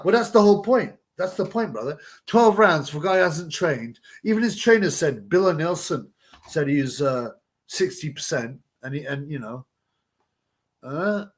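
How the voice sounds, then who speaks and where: Rambling, crude male livestream host. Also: fairly high pitch. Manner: crude, rambling, chuckling at his own jokes. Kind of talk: casual live watch-along commentary reading chat.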